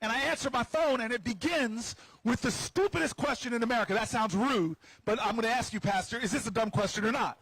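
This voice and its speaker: A middle-aged man speaks outdoors at a rally, his voice husky and set rather high. He tells a story with animated, playful asides to the crowd. The sound is close and dry. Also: fairly quick, few pauses, no room sound, poor audio. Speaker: senator. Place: outdoors on building steps.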